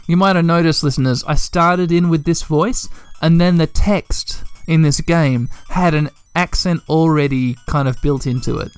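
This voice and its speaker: A gaming podcast host giving playful, animated let's play commentary, full of sound effects. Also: medium pitch, moderate pace, few pauses, clear, resonant tone, no room sound, faint music behind.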